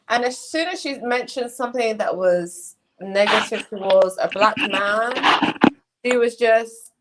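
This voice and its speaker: An English woman with a fairly high voice argues her point with real passion. She talks in an emphatic, casual way on a remote call and acts out what other people said. Her delivery is heated but conversational. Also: a little slow. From England. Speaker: panelist.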